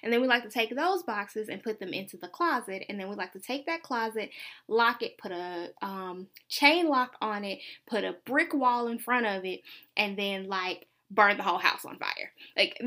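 A woman's voice: mid-range voice, animated, normal speed, bright, forceful tone. A young woman hosting a faith podcast, talking earnestly and confessionally, with lots of "like". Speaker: podcast host. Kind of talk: casual faith podcast monologue.

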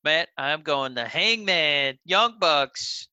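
A man's voice: on the high side, animated, slow, pushed and bright, clean tone, no echo, dull audio. A man co-hosting a casual podcast, talking in a playful, jokey way. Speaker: podcast co-host. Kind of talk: casual wrestling podcast chat.

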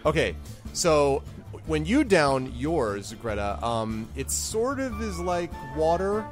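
A man narrating as game master in a relaxed, rambling way with many fillers. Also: fairly high pitch, takes it slowly, faint music behind.

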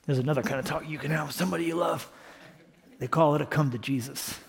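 A male pastor with a slightly high voice for a man and some vocal fry preaches at a quick pace. His sermon is passionate, shifting from quiet earnestness to emphatic exclamations that rise to impassioned peaks.

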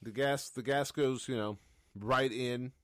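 Hesitant, hedging podcast co-host. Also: male voice, mid-range voice, steady tone, unhurried, no echo, clean studio sound. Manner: hesitant, hedging, lots of "you know". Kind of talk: casual podcast banter.

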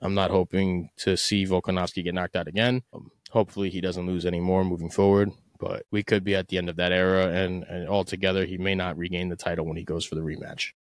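A man's voice: deep voice, little pitch movement, quick pace, hardly any pauses, dry recording, studio quality. A man hosting a podcast, giving blunt, opinionated, profane commentary in a casual solo talk. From United States. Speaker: podcast host.

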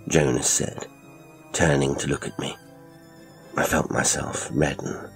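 Deep-voiced husky male narrator, measured horror read, faint music underneath. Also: fairly even intonation. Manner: measured, low storytelling.

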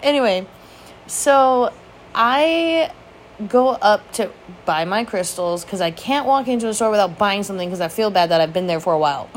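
A woman's voice: mid-range voice, lively intonation, moderate pace, a little hiss or hum. A woman hosting her own show, telling a rambling personal story in casual chat, swearing freely, laughing often and making fun of herself. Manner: self-mocking, rambling asides. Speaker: vlog host.

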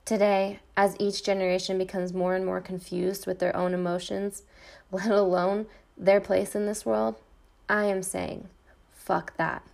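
Brief: middle-aged woman host, gravelly voice, intense monologue with repeated refrains. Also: mid-range voice, little pitch movement, moderate pace, a little mellow. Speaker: podcast host. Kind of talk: personal monologue, read from a script.

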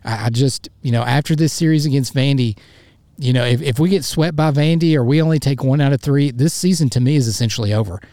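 A man's voice: medium pitch, fast, warm tone, no room sound. A man hosting a solo sports podcast, talking in a frustrated, fired-up way with stammering restarts.

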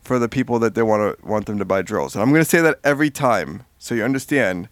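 Animated, foul-mouthed man. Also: lowish voice, fast, no echo. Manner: animated storytelling, swears freely. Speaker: podcast co-host. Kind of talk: casual book recap chat.

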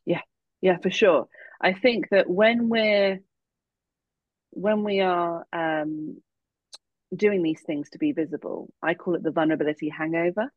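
A woman's voice: on the low side, steady tone, measured pace, pauses often, no room sound. Woman, coach as podcast guest, giggly storyteller, dry close sound. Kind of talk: casual podcast chat. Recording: dull lo-fi podcast audio.

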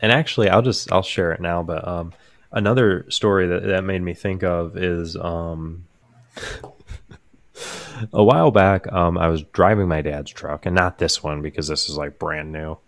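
Deep-voiced young man telling a rambling story. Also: fairly even intonation, normal speed, no room sound. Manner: rambling, amused, lots of fillers and restarts. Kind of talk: casual storytelling chat.

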